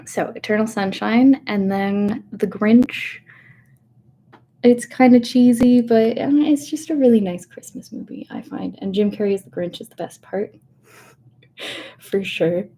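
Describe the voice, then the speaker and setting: Soft-spoken woman in her thirties, rambling. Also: medium pitch, unhurried, slight background noise. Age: 30s. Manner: rambling, chatty, self-interrupting with fillers. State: a little nervous. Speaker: ASMR host. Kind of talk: soft-spoken livestream chat. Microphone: webcam setup.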